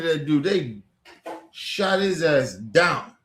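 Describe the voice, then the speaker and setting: A man in an angry, profane rant, repeating himself, swearing constantly, swinging from near-shouts down to low mutters. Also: lively intonation, unhurried, roomy sound. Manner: heated, repetitive, swears constantly, rising to near-shouts then dropping low. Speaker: streamer ranting on camera.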